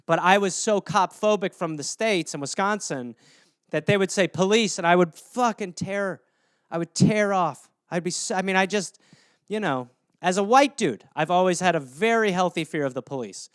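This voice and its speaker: A man hosting a comedy show, riffing casually in an animated, profane way. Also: sits high, normal speed, smooth, no room sound, clean studio sound. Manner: animated, profane, jumps into voices. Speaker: comedy podcast host.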